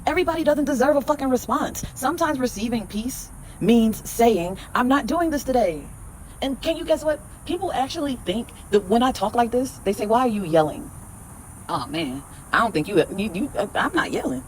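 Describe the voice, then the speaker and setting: A woman hosting a spiritual podcast, reading tarot cards and giving a blunt, emphatic pep talk full of swearing, then repeating affirmations slowly. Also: fairly high pitch, animated, a little hiss or hum.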